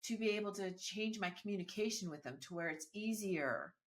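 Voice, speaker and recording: A woman's voice: mid-range voice, animated, fairly quick. A woman hosting a relationship podcast, speaking in an agreeable, thoughtful way with rambling explanations. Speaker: podcast host. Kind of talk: conversational interview.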